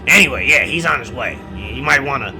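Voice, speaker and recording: A man voicing a crude male demon trapped in a jar who talks loudly and swears a lot. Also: medium pitch, lively intonation, fast talker, over music, natural voice. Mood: urgent. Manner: loud, swearing, urgent warnings.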